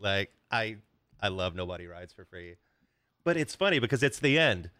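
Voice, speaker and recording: A man with a fairly low, smooth and resonant voice hosts a podcast, eagerly recounting movie and soundtrack trivia. The sound is dry and close to the mic. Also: sing-song, normal speed, bright, forceful tone, no echo. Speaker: podcast host. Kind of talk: casual chat.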